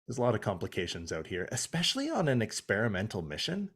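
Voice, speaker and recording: A man's voice: fairly low pitch, huge pitch swings, fast talker, fairly bright tone, husky. A young man co-hosting a podcast, recapping a TV episode in casual chat, swearing and acting out the characters' lines. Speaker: podcast co-host.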